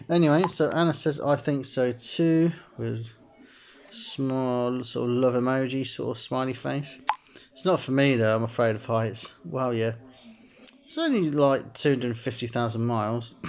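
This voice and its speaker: A man with a gravelly, creaky voice, talking through a chat story game as he plays. He reads the messages aloud and wanders off into loose asides, filling nearly every sentence with "sort of" and breaking into laughter often. His pitch sits in an ordinary middle range. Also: a little mellow, slight background noise. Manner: rambling, heavy use of "sort of", laughs often. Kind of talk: let's-play commentary, reading in-game messages aloud.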